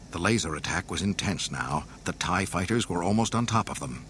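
Low-voiced man narrating a storybook. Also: fairly quick, few pauses, slight background noise. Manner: dramatic, expressive reading.

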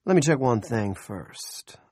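A man voicing a smug, scheming middle-aged male town politician who speaks slowly and condescendingly. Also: medium pitch, big pitch swings, dark tone, slightly rough, dry recording, studio quality, voice pushed up, heavily acted. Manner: slow, condescending and self-satisfied.

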